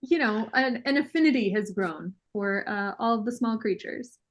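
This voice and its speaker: A woman running a tabletop game as game master, narrating and laughing with her players. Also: fairly high pitch. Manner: lively, unhurried, laughs often.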